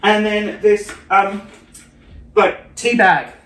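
A man's voice: high-pitched, drawn-out words. Playful man in a roomy room. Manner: playful, camp, self-mocking, with bursts of excited gasps. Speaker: vlogger. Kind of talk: casual haul vlog. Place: room at home. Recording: roomy home recording.

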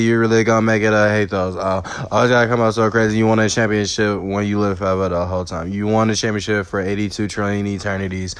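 A man's voice: fairly low pitch, clean tone, no echo. A young man rambling through a repetitive, half-sung freestyle rap.

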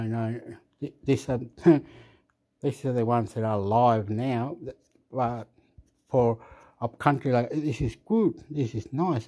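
Slow, mumbling man. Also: mid-range voice, warm tone. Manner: mumbling, easily annoyed, talks to the app. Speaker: app reviewer. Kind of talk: rambling screen-recording chat.

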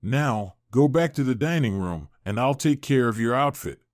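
Fussy motherly hostess read by a guy, brisk and kind, lively up and down tone. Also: medium pitch, no echo, studio quality, lightly acted. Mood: bustling. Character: middle-aged woman, hospitable mother, fussing.

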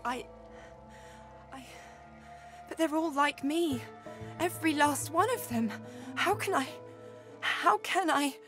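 An actress playing a haunted young woman fighting a demon inside her, speaking in halting, anguished bursts, with soft game music behind. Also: sits high, lively intonation. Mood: distraught. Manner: halting, anguished, faltering speech. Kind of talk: video game voice acting.

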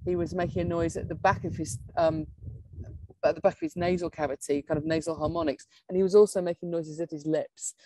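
Woman, lowish mellow voice, eager academic lecturer, dry recording. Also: fairly even intonation, fairly quick, slight background noise. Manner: explanatory, enthusiastic, with small laughs and restarts. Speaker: neuroscience lecturer. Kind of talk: academic conference talk.

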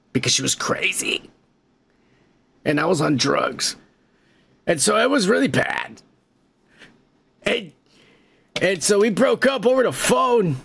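A podcast host with a fairly high voice for a man. He swears freely and rambles through a story in a casual comedic way, laughing as he goes. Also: gravelly, fairly bright tone.

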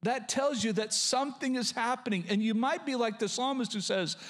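A middle-aged male pastor preaching a sermon, reading scripture slowly and urging listeners to write down key points. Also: extremely high pitch, fairly bright tone. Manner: reads scripture slowly, coaxes the congregation to write things down.

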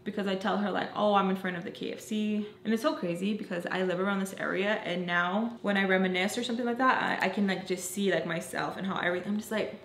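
A woman's voice: medium pitch, steady tone, fast talker, few pauses, fairly bright tone. Young woman, casual storytime vlog, emphatic, roomy echo, faint background noise. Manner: chatty, emphatic, acts out quoted dialogue. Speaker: storytelling vlogger.

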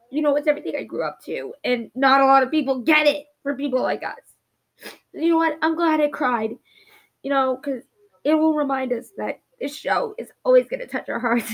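A woman's voice: high voice, poor audio. A young woman vlogging at home, emotional and apologetic, talking through tears. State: crying. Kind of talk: casual talk to camera.

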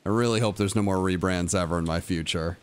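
A young man streaming a game live, talking to himself and his chat, with mock-dramatic groans and sudden high yelps. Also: fast talker, smooth. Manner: addresses his chat directly. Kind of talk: live gameplay commentary.

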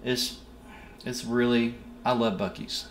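A man's voice: mid-range voice, steady tone, slow pace. Texan man, reaction host, emphatic and homey, echoey room. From Texas. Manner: proud, folksy, emphatic. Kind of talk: casual reaction commentary. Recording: roomy echo, faint noise.

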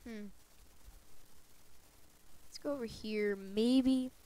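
A woman with a cold chats her way through a game at an unhurried pace, her voice soft and mellow. She talks to herself as she plays and slips into little sing-song bits. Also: medium pitch, steady tone, vocal fry, rough recording. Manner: chatty self-talk with sing-song asides. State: has a cold. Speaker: let's play gamer. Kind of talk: casual gameplay commentary.

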